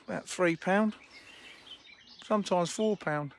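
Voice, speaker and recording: A fishery owner talks slowly in a high-pitched voice with vocal fry, casually answering live-stream comments with a laugh. He's outdoors by a fishing lake holding his phone, and faint birdsong and outdoor noise can be heard.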